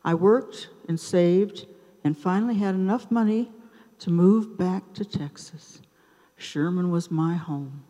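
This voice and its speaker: Slow older woman telling a story onstage. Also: fairly low pitch, dark tone. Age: 70s. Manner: unhurried, with dramatic pauses between short phrases. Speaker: open mic storyteller. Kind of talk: live personal storytelling. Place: theater stage. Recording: reverberant live theater sound.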